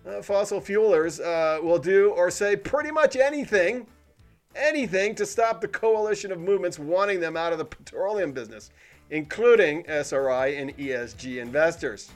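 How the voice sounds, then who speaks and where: A man hosting a weekly commentary show, talking in a sarcastic, cynical tone with animated emphasis. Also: sits high, normal speed, faint music behind. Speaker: podcast host. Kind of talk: sardonic commentary monologue.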